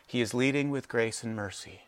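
A man preaching a sermon, animated, acting out the characters in quoted voices as he tells the story. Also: medium pitch, fairly quick. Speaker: pastor.

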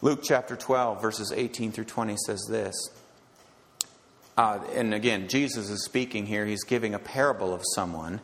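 A man's voice: fairly low pitch, moderate pace, fairly bright tone. Man preaching in a reverberant hall. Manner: emphatic preaching with rhetorical questions and frequent "okay?" check-ins. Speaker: pastor. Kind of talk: sermon. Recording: long reverb of a large hall.

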